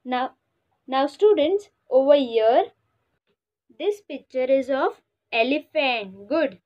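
A high-pitched woman teacher with an Indian English accent talks slowly and carefully to young pupils. She spells words out letter by letter and squeaks or quacks to imitate the animals. The recording sounds a little dull and lo-fi. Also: animated. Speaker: schoolteacher. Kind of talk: classroom lesson for young children.

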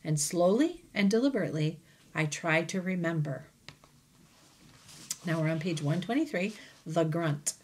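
A woman teacher reading a children's novel aloud to her class, with gentle, chatty asides between passages. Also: on the low side, expressive, normal speed, pauses often. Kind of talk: storybook read-aloud.

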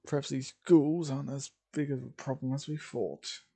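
A man voicing a sarcastic young male alien scavenger in his own quiet voice. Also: mid-range voice, steady tone, normal speed, vocal fry, slightly rough. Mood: sarcastic relief.

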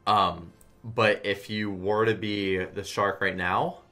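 A man commenting casually on a slot game stream, swearing a lot and swinging between flat muttering and loud outbursts. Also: fairly low pitch, slow pace, soft background music.

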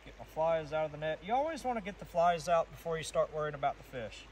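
A man's voice: on the high side, animated, slight background noise. A man giving casual, instructive fly fishing tips out on a stream while he casts. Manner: easygoing, instructive, talks while casting. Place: outdoors wading a stream. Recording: distant outdoor mic with rushing stream. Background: loud flowing water.

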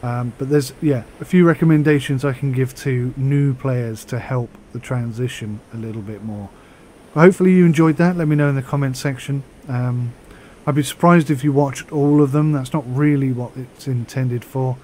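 A man's voice: mid-range voice, warm tone, a little hiss or hum, low-quality recording. Chatty man vlogging. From United Kingdom. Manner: chatty, rambling with fillers. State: hiccups. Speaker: flight sim YouTuber. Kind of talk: casual vlog commentary.

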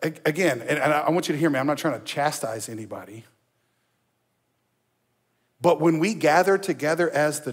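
A man's voice: on the high side, husky. A male pastor preaching a sermon in a conversational, emphatic way, with asides to the congregation. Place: church.

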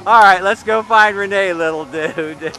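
A man's voice: high-pitched, a little slow, pushed and bright, low-quality recording. A man filming a child at an outdoor water park on a handheld camera, chatting and teasing playfully. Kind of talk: casual home video narration. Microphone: handheld camera mic.

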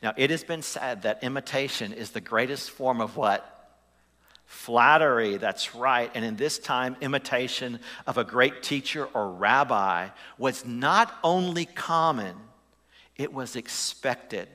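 A man's voice: medium pitch, measured pace, pushed and bright, in a large hall. A man preaching a sermon as pastor, conversational and putting questions to the congregation. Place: church sanctuary.

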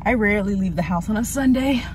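A woman's voice: medium pitch, fast, a little mellow, a little hiss or hum. Chatty, swearing young woman vlogger. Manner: frank and chatty, swears freely. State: tired and crampy. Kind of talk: casual vlog chat. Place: in a car, then at home.

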